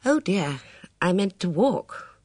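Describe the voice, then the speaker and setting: A woman's voice: on the low side, very animated, slow pace, darkish tone, dry recording, studio quality, pitched above the performer's own voice, exaggerated voice. A reader voicing a hesitant, fretful middle-aged lady in an audiobook, raising the voice well above his own. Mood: dithering. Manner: uncertain, dithering. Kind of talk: audiobook character voice.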